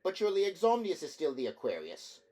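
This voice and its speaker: Man reading as imperious rich landowner, middle-aged, pompous, loud, indignant, audiobook. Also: mid-range voice, normal speed, lightly acted. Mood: haughty. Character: rich, arrogant middle-aged male villa owner.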